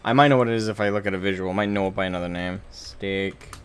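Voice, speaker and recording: A man's voice: fairly low pitch, very fast, smooth. A man streaming a game live, chatting casually with viewers, rambling and correcting himself as he jokes with the chat. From United States.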